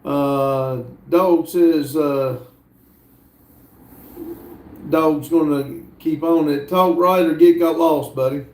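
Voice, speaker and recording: A man hosting a livestream, slowly reading viewer messages aloud with lots of hesitant fillers. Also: a little high, fairly even intonation, a little mellow, reverberant. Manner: slow, halting reading with many fillers. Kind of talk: casual livestream chat.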